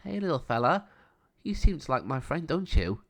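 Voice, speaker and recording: A man's voice: on the high side, sing-song, moderate pace, pitched above the performer's own voice. A man voicing a friendly, caring young man in a storybook reading, in an easygoing, everyday voice. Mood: cheerful.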